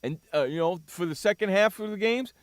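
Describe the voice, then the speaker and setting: A man's voice: high voice, animated, brisk, dry recording, clean studio sound. A man hosting a sports talk radio show, ranting animatedly about the games and saying "freaking" over and over.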